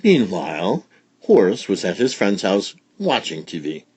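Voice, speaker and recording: A man reads a silly children's story aloud in a playful, expressive manner. His voice sits on the low side, but it rises and falls a great deal in pitch. The sound is dry and close. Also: unhurried, slightly rough, no room sound.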